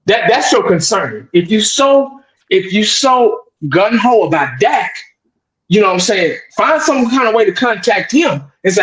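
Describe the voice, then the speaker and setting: A man's voice: high voice, a little slow, echoey room, low-quality recording. A man ranting bluntly in heated casual sports talk over a video call, repeating himself and tagging lines with "man". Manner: blunt, repetitive, animated ranting with frequent "man".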